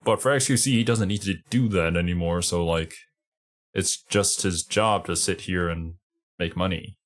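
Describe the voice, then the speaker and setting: A man co-hosting a reaction channel, chatting casually in an earnest, reflective way. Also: low-pitched. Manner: earnest, reflective, quick bursts when excited. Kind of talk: casual chat.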